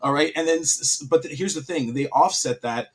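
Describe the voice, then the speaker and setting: A man with a husky, slightly breathy voice chats casually as a stream caster. He tells stories in a playful, animated way. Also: fairly high pitch, fairly quick. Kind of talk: casual chat.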